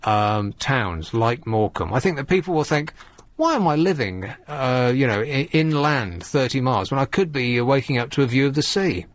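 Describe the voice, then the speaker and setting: A man's voice: mid-range voice, sing-song, normal speed. A man hosting a radio phone-in from a London studio, teasing his callers in a sarcastic way. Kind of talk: late-night radio phone-in chat.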